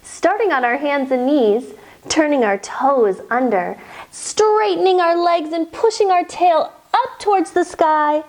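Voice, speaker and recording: A woman leading a children's yoga storytime, guiding gently and playfully. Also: sits high. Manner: gentle, playful, slow sing-song guiding. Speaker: kids' yoga story teacher.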